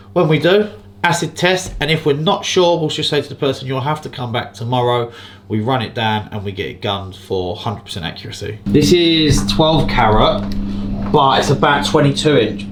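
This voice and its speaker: A man's voice: a little high, a little hiss or hum. A man, a jeweller chatting casually as he walks through prices and gold tests in his shop. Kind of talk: casual explaining to camera and customer.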